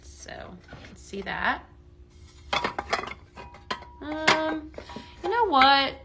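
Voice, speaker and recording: A woman hosting a live sales stream, gushing excitedly and talking straight to her viewers in a chatty product demo. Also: sits high, extremely slow, gravelly, over loud music, poor audio. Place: indoors, dimmed room.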